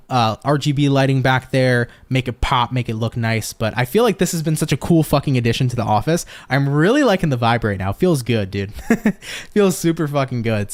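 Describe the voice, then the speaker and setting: A young man giving a casual tarot reading from his home office, laid-back and swearing freely, with frequent laughs. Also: medium pitch. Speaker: tarot reader.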